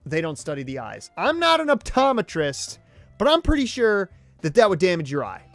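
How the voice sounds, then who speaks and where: Young male host, high lively voice, rambling and profane, dry close mic, faint music under. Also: normal speed, dry recording. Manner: rambling, swearing, self-mocking. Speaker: YouTube host. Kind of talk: casual solo commentary. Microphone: desk mic, close.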